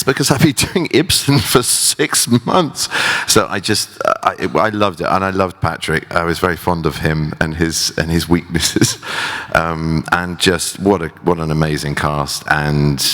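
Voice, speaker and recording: A man's voice: extremely low pitch, a bit bright. A man interviewed on stage at a festival, talking in a hesitant, self-deprecating way with many restarts. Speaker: guest actor. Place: large theatre stage. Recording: long hall reverb.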